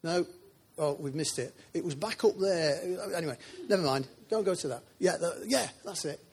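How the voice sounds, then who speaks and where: A man's voice: fairly high pitch, moderate pace, darkish tone, slightly rough. A man preaching a sermon in a church, chatty and informal, with asides to the congregation.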